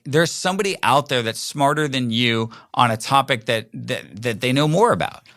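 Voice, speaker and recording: A man's voice: medium pitch, pushed and bright, no echo, studio quality. A middle-aged man hosting a podcast alone, talking casually in a rambling way and acting out quoted voices. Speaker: podcast host. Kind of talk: casual solo monologue.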